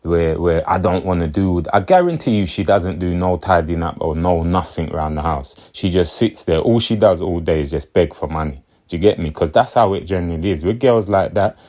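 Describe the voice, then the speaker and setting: A man talking in a very low, deep voice. His casual monologue rambles and loops back on itself. He keeps asking whether the listener gets what he means. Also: lively intonation, brisk, hardly any pauses, a little mellow. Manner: rambling, repeats himself, keeps checking "you get me". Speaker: commentator.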